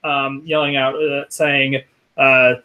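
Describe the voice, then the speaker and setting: A man narrating as game master of a tabletop game, halting with many ums and restarts. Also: medium pitch, steady tone, vocal fry, a bit bright, muffled recording.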